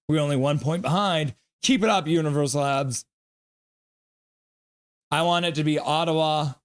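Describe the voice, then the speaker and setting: A young man hosting a live hockey reaction stream, chatting casually, reading chat aloud and whooping with excitement. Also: mid-range voice, smooth.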